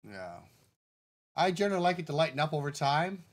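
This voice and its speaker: A man streaming live as a game developer, relaxed and thinking aloud as he talks himself through settings step by step and turns now and then to answer his chat. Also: a little high, a little fast. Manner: addresses the chat directly.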